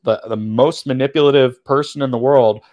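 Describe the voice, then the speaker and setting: A man co-hosts a casual film review podcast at a mid pitch. He rambles through plot recaps with many restarts and quoted lines. He speaks into a close podcast mic. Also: steady tone, a little fast, a little mellow. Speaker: podcast co-host. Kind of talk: casual movie review chat.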